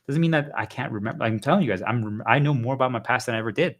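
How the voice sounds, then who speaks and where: A man's voice: mid-range voice, racing, a bit bright. A male livestreamer giving an urgent, insistent motivational monologue to his viewers, hammering points home with repeated phrases.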